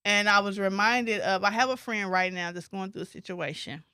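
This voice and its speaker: A middle-aged woman hosting a family podcast, talking in a lively, laughing way and quoting people with animation. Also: mid-range voice, moderate pace, clean tone, no room sound, studio quality. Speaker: podcast host. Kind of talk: casual chat.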